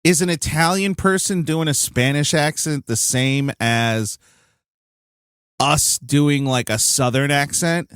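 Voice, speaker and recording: A man's voice: fairly high pitch, takes it slowly, a bit bright, clear, resonant tone, no echo, clean studio sound. A man co-hosting a podcast in casual chat, rambling and hedging a lot, with some swearing. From United States. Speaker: podcast co-host.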